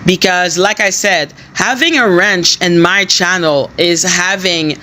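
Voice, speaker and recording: A woman's voice: fairly low pitch, unhurried, sharp tone, slight background noise. Furious, cursing woman streamer. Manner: angry, profane, scolding. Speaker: livestream host. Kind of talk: live stream rant to chat.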